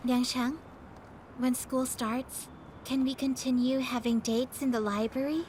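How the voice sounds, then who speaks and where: A woman's voice: sits high, flat delivery, unhurried, a little mellow, slight background noise. A young woman dubbing a jealous, clingy female student in an English drama dub. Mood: hopeful, hurt. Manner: emotional, pleading. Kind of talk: dubbed drama acting.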